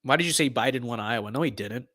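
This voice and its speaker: Young male streamer, bright and forceful, boastful jokey game commentary, bursts of shouting. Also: mid-range voice, quick pace. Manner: hyped, jokey, boastful, often shouting with excitement. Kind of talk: casual gaming livestream commentary.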